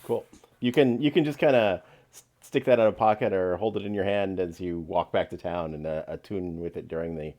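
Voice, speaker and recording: A man running a tabletop game as game master, relaxed, laughing often and pausing with fillers. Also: sits low.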